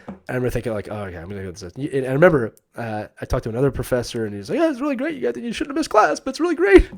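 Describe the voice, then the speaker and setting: A man in his thirties hosting a live stream, casually telling a personal story and acting out the voices of the people in it. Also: fairly low pitch. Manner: animated, acts out quoted voices, laughs often.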